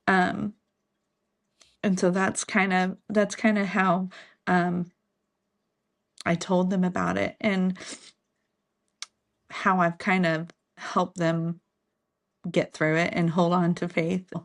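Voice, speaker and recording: A woman's voice: fairly low pitch, little pitch movement, takes it slowly, creaky, long pauses. A woman in her thirties, a podcast guest, candidly and earnestly sharing a personal story in an interview. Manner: candid, earnest, faith-filled. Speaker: podcast guest, single mother.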